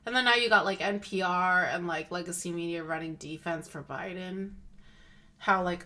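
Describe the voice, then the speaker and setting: Bright woman streamer, rambly political chat, says like a lot, kinda car sick. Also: on the low side, normal speed. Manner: rambling, lots of filler "like". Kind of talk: casual political commentary.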